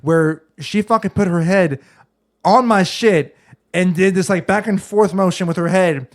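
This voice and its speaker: A man's voice: high voice, measured pace. Rambling, foul-mouthed young man. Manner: rambling storyteller, swears a lot, restarts often. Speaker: podcast co-host. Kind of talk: casual crude chat.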